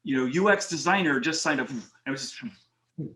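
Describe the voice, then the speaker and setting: A man as a podcast guest, telling lively anecdotes in casual talk and acting out the people in them. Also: medium pitch, fast. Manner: animated anecdotes with quoted voices. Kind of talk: casual storytelling interview.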